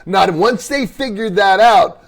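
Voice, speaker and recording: A man hosting a casual chat, his voice gravelly with heavy fry and set a bit high for a man. He talks bluntly and swears as he recalls life on the road. He keeps jumping in to add his own bits while the other man talks. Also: measured pace. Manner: blunt, profane, jumps in with interjections. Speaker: podcast host and band member.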